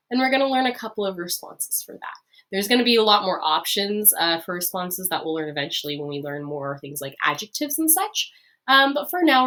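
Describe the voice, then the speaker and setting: Animated woman teacher, slow repeats. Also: medium pitch. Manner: friendly, upbeat, lots of fillers, repeats phrases slowly. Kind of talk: recorded lesson.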